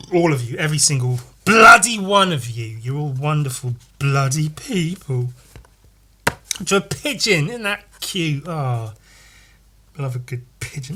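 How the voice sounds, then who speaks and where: A man hosting his own podcast, chatting loosely and playfully while he sketches, swearing constantly and now and then breaking into loud goofy voices. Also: on the high side, noisy background. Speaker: artist hosting a solo podcast. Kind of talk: casual rambling chat while sketching.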